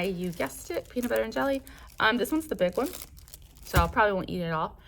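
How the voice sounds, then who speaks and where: A young adult first grade teacher from Southern California vlogs casually from her classroom, rambling through her school day as she lists her plans. Her voice is lowish and a bit bright, with vocal fry.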